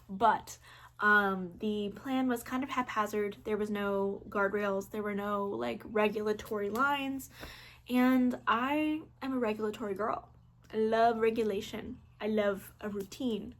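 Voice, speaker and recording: A woman's voice: mid-range voice, measured pace. Chatty woman vlogging with lots of fillers. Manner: chatty, frequent "um" and "like" fillers, playful self-mocking asides. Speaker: language-learning vlogger. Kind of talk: casual chat to camera.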